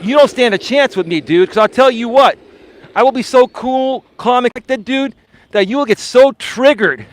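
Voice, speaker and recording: A man's voice: very high voice, normal speed. A male dating and life coach ranting on a live stream, confrontational and repeatedly calling his opponent bro and sir.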